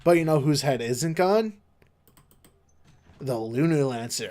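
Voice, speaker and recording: Young male streamer, flat low-energy monotone, rambly casual chat, slightly higher voice. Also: measured pace. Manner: rambling with many fillers and restarts. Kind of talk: casual live-stream chat while gaming.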